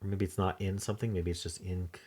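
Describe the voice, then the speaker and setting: A man thinking aloud as he solves a crossword, muttering in halting self-talk with half-voiced asides. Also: deep voice, flat delivery, darkish tone. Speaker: crossword solving channel host. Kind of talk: thinking aloud while solving a puzzle.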